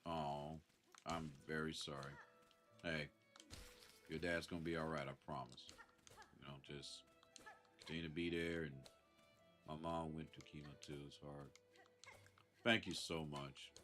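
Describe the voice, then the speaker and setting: A very deep-voiced man with a Southern US accent talks slowly with little pitch movement and frequent pauses, in a fairly bright tone with faint music behind. Congested from a sinus infection, he chats easily on a live stream, chuckling often and thanking his chatters.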